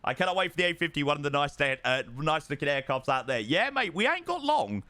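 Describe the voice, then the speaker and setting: A man's voice: a little high, sing-song, a little fast, bright, forceful tone, no echo. A young man streaming a flight sim, chatting casually and answering his viewers from a home setup. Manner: chatty, greets viewers, reads and answers chat. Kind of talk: casual live-stream chat.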